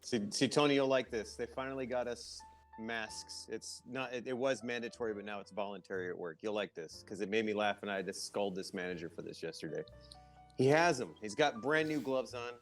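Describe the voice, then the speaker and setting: A man's voice: lowish voice, brisk, far from the mic, faint music behind. A blunt, profane man chatting casually and mocking others, his voice rising sharply when he gets exasperated. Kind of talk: casual chat.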